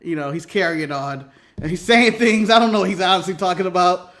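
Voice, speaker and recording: A man's voice: sits high, a little fast, a bit bright. An American man co-hosting a casual wrestling recap, laughing often and talking with lots of energy as he goes through his notes. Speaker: podcast co-host.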